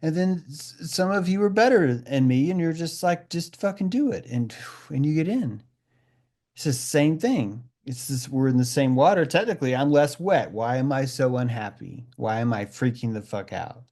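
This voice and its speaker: A man's voice: medium pitch, expressive, moderate pace, a little mellow. A man in a casual group discussion, talking intensely with lots of swearing and acting out quoted voices. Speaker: discussion participant.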